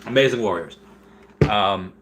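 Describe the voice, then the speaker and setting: Rambling low-voiced man chatting casually. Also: unhurried, a bit bright, slight background noise. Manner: rambling, with frequent restarts and fillers. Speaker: streamer answering chat questions. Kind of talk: casual live-stream chat.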